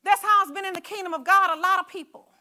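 A woman preaching a sermon in a conversational, animated way, talking straight to the congregation with asides and stories. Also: very high voice, fast talker.

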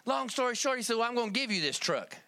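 A man's voice: very high voice, sing-song, fast, sharp tone, no room sound. A man from Kentucky telling a folksy testimony in a sermon, calling on the church for amens. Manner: folksy storytelling, calls for amen. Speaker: preacher.

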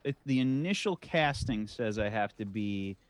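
A man playing in a tabletop game, speaking casually and in a hesitant, halting way. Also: lowish voice, expressive, no echo. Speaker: player.

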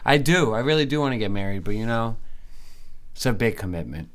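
A man's voice: mid-range voice, expressive, fairly quick. A young man in a casual podcast chat with friends, boastful and rambling, saying "you know" a lot. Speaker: podcast co-host.

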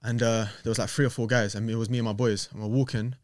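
A young man spins his stories at a quick clip, voicing the people in them. His voice sits in the middle of the male range, and the studio sound is dry and close with little room echo. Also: medium pitch. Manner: animated, acts out voices in his stories, London slang. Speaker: podcast guest. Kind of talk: casual storytelling chat. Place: podcast studio.

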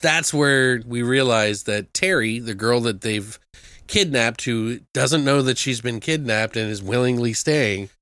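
Bright-voiced man telling a racy story. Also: a little slow, clear, resonant tone, no room sound. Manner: animated storyteller, swears freely, acts out quotes in high voices. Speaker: podcast host reviewing a film. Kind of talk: casual chat.

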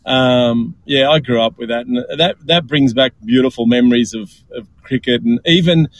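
A man's voice: mid-range voice, moderate pace, slight background noise, poor audio. A man with an Australian accent, talking enthusiastically in a casual podcast chat and often repeating words.

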